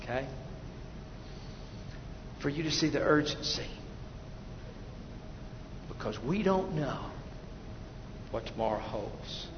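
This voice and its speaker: A male pastor preaching an evangelistic sermon, swinging from loud urgent appeals to hushed prayer. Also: mid-range voice, lively intonation, takes it slowly, long pauses. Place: church sanctuary. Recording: dull echoey church hall recording with faint noise.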